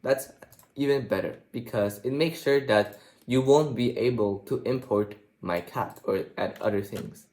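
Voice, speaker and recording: A man's voice: medium pitch, unhurried, a little mellow. Man reading code aloud while typing. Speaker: programming tutor. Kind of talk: screen-recorded coding tutorial. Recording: echoey room with faint typing noise. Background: keyboard typing.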